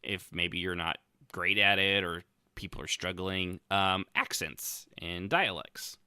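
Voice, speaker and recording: A man's voice: sits low, slow pace, bright, forceful tone, smooth, no room sound, studio quality. A man co-hosting a podcast, chatting casually and rambling with many restarts. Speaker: podcast co-host. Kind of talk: casual chat about roleplay.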